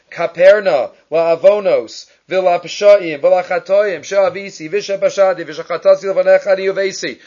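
A man teaching a Talmud class, quoting Hebrew and Aramaic texts and explaining them in English, often asking and then answering his own questions. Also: sits high. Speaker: Torah teacher. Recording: muffled, lo-fi recording.

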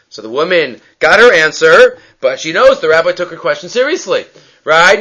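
A man leads a text-study lecture with a bright, forceful tone and a slightly high pitch. He keeps checking in with the listener, asking "right?", and he acts out the people in the stories he tells. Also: moderate pace. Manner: lively, questions the listener with frequent "right?". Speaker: Talmud teacher.

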